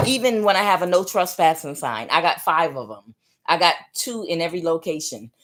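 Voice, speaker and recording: A woman's voice: lowish voice, expressive, brisk, fairly bright tone, a little hiss or hum. A woman giving a casual spiritual tarot reading, talking emphatically and repetitively straight to her audience, with chuckling asides. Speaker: tarot reader.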